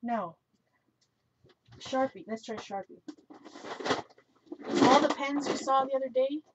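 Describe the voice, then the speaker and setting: A woman's voice: high-pitched, slow, heavy background noise. A woman hosting a live stream, chatting casually as she crafts, often correcting herself, laughing, and answering viewer comments aloud. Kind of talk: casual chat while crafting. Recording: dull lo-fi recording.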